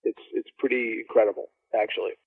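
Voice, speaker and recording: A man, a drummer guest, telling studio stories in a rambling, animated way and acting out what others said. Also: lowish voice, fast talker, gravelly, slightly rough, no echo. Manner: animated, rambling, acts out quoted dialogue. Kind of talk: casual storytelling interview. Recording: dry tinny phone-like line.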